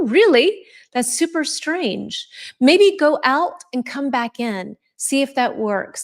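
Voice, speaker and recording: A middle-aged woman teaching English on a live stream, chatting casually and answering viewer comments as she goes. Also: a little high.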